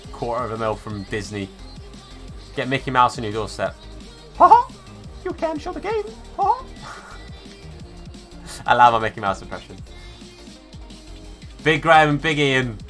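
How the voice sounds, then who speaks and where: A man's voice: mid-range voice, fairly bright tone. A man live-streaming a football game, chatting casually and answering viewers by name, calling them mate and fella.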